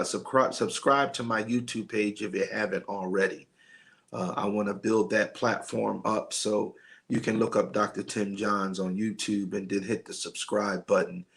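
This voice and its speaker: Slow, gravelly-voiced preacher on a livestream. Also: male voice, lowish voice. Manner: slow and rambling, many fillers, greets viewers by name. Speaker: pastor hosting a men's night livestream. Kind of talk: casual livestream talk and preaching.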